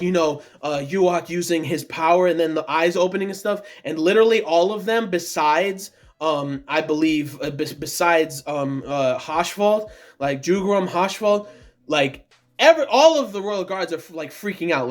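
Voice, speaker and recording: Man anime vlogger, excited and rambling, slightly high-pitched. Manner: rambling, many fillers and restarts, excited. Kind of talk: casual monologue review.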